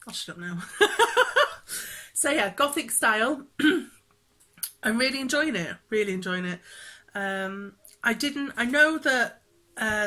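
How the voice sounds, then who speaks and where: A woman's bright, pushed, somewhat high voice carries a rambling cross-stitch vlog. She shows her stitching projects in relaxed chat, dotted with fillers and frequent laughs.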